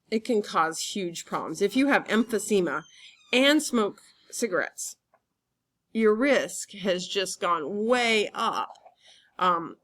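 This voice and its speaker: A woman teacher giving a relaxed classroom lecture, chatty and full of fillers. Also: on the low side.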